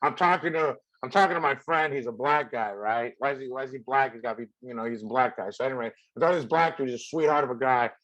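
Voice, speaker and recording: A man's voice: medium pitch, fast talker, few pauses, a bit bright, no room sound, muffled recording. A man hosting a casual podcast chat, from Mexico, who talks bluntly, laughs a lot and leans on "like" fillers. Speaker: podcast host and comedian.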